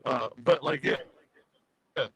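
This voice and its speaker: A man's voice: takes it slowly, fairly bright tone, rough recording. A man co-hosting a casual online talk show in laid-back slang over a choppy connection. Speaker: co-host. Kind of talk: casual chat on a live video call.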